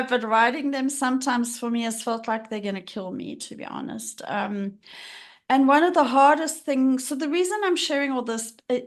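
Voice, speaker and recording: A middle-aged woman talking frankly and emotionally about her own struggles as a guest on a podcast, often laughing as she speaks. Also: on the high side. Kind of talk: candid personal conversation.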